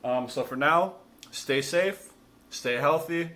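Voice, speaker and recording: Relaxed male coach, easygoing vlog chat to his students, talks while eating. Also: on the high side, slow pace. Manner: relaxed and chatty, talks with his mouth full. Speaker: school gym coach. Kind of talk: casual cooking vlog to students.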